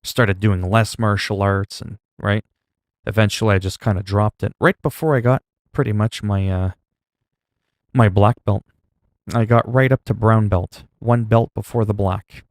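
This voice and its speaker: A man casually chatting with his stream audience, rambling with many fillers, and getting louder when he reacts in disgust. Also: fairly even intonation, a little slow, no echo, studio quality. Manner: gets loud and higher when reacting in disgust. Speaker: livestreamer.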